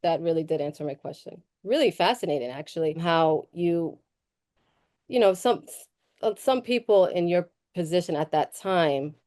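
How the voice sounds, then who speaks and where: A woman's voice: lowish voice, expressive, moderate pace, darkish tone. A woman interviewing a guest in a casual talk, affirming and encouraging his answers.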